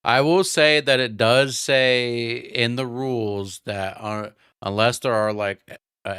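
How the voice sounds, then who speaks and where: A man's voice: lowish voice, clear, resonant tone, no echo, studio quality. A man hosting a casual podcast chat, talking loosely with many fillers and restarts. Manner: relaxed, rambling with fillers. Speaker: podcast host.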